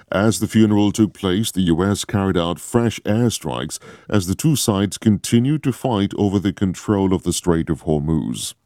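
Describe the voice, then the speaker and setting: A man reading a radio news bulletin in a measured, formal way. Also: low-pitched, dark tone, no room sound, clean studio sound. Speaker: newsreader.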